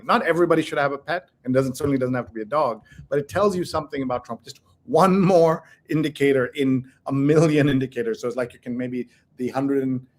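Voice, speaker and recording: A man co-hosting a casual talk show, opinionated and animated, who reads headlines aloud and reacts with blunt commentary. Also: medium pitch. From India. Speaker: co-host. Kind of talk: casual chat.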